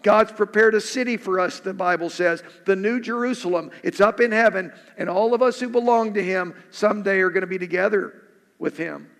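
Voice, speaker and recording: A man's voice: high voice, a little fast, creaky, a bit bright. A male pastor preaching a sermon in an earnest way, repeating questions for emphasis. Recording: echoey hall.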